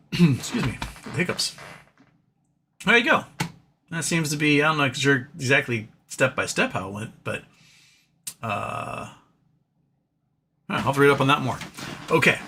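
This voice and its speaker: Guy live streaming, talks fast, lots of uhs and restarts, bright sharp tone. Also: medium pitch, big pitch swings, gravelly, a little hiss or hum. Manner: fast talker with many fillers and restarts. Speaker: livestream host. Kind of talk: casual live-stream chat.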